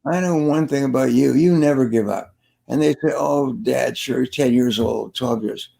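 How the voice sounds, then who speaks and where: An older man with a gravelly edge to his voice speaks as a guest in an interview. He sounds earnest, coaching listeners on sales and repeating his key phrases for emphasis, at an ordinary mid-range pitch. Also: moderate pace, mellow. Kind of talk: interview, storytelling advice.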